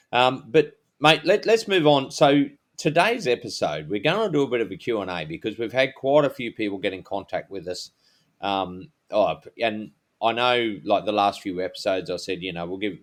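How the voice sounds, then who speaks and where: A man, a podcast co-host, talking in a rambling, casual way. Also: deep voice. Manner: rambling, full of fillers and restarts. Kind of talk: casual chat.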